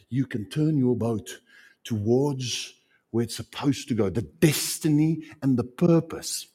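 A man preaching a sermon as pastor, animated and repeating phrases for emphasis. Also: medium pitch, measured pace, slightly rough.

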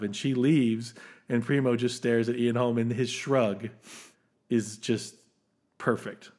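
Podcast host, male; eager, rambling, laughs easily, ordinary middle pitch. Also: slow pace. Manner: animated, enthusiastic, laughs often, many restarts. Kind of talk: casual film discussion.

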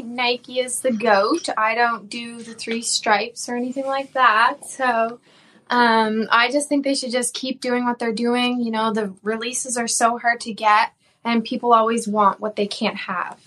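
Woman, podcast co-host, higher voice, easygoing, pauses with um. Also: steady tone, fairly bright tone. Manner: laid-back, with "um" pauses. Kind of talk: casual podcast chat.

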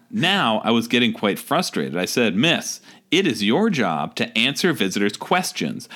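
A man's voice: mid-range voice, very animated, a little slow, sharp tone. A man co-hosting a comedic podcast, reading a review aloud with lots of laughter and acted-out quotes. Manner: laughs often, acts out quoted lines. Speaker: podcast co-host.

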